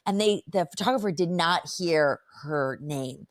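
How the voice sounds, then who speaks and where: A woman's voice: lowish voice, a little slow, dry recording, studio quality. A woman hosting a podcast, telling a story with lots of "like" fillers and acting out the voices of the people in it. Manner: lively, acts out quoted voices, many "like" fillers. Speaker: podcast host. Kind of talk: animated storytelling in casual chat.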